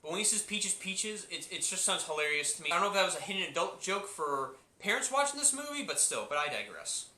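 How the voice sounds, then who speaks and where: A man talks through a movie review in a loose, rambling way, circling back to the same points and restarting his sentences. His voice is strikingly bright and a little high. The room around him adds a clear echo. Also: sing-song, fast talker, hardly any pauses. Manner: rambling, repeats himself, many restarts and fillers. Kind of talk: casual spoken review.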